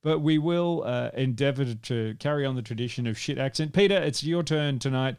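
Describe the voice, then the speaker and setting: A man's voice: mid-range voice, fairly quick, darkish tone, smooth. A man hosting a podcast in casual chat, rambling and laughing often. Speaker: podcast host.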